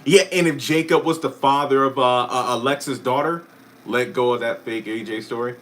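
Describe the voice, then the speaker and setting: A man hosting a casual live stream who chats about a TV finale, answers viewer comments, and often breaks off with quick asides and apologies. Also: medium pitch. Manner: chatty, self-interrupting, apologetic asides. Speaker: YouTube live stream host.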